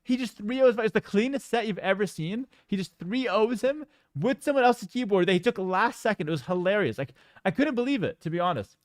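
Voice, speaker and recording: Animated high-voiced man telling a story. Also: fairly quick, dry recording. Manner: animated, joking, exaggerated mock outrage. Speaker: streamer. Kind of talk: casual storytelling on stream.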